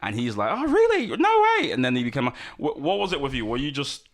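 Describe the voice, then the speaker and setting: A man hosting a podcast in casual chat, lively and talkative, jumping between loud excitement and quiet asides. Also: medium pitch, fast talker. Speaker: podcast host.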